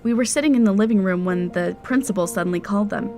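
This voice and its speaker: A woman's voice: medium pitch, fast, warm tone. A woman narrating a dramatic first-person storytime. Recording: music playing behind.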